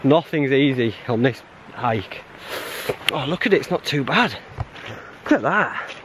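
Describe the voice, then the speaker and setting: There's background noise behind this hiking vlogger, whose medium-pitched voice has lively intonation and a measured pace. He narrates his trek along a mountain trail to a handheld camera in a casual, chatty, self-mocking way, laughing often.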